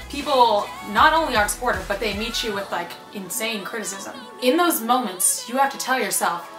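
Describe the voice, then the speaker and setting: A woman's voice: fairly high pitch, animated, fairly quick, few pauses. A young woman talking casually and earnestly, giving encouraging self-help advice. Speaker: advice speaker. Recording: echoey room with faint music.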